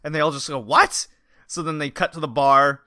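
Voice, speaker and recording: A man's voice: fairly high pitch, flat delivery, fast, sharp tone, smooth, no echo, studio quality. A man co-hosting a podcast, chatting casually and animatedly, laughing and acting out quotes. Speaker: podcast co-host.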